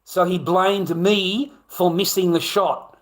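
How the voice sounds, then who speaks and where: A man's voice: high-pitched, steady tone, takes it slowly. A man, talking straight to his viewers in a live stream. He rambles bluntly, swears constantly and laughs often as he goes along. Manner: blunt, heavily profane, rambling with frequent laughs.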